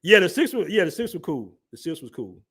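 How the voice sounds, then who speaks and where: A young southern U.S. man with an African American Vernacular English accent runs a livestream, reading the chat aloud amid loose, slangy joking. His voice is on the high side and sing-song, fairly bright and slightly rough, moving a little fast.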